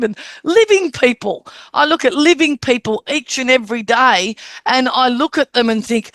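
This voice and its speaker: A woman's voice: fairly high pitch, moderate pace, no room sound. An Australian woman, a medium, teaching a group on a call and telling stories with acted-out dialogue. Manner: animated storytelling, acts out quoted dialogue.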